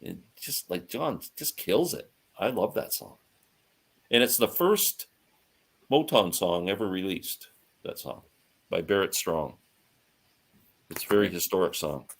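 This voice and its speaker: Male host, live-stream chat, very deep voice, lively intonation, enthusiastic, laughs a lot. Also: unhurried, vocal fry, long pauses. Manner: enthusiastic, laughs often, reads out viewer comments.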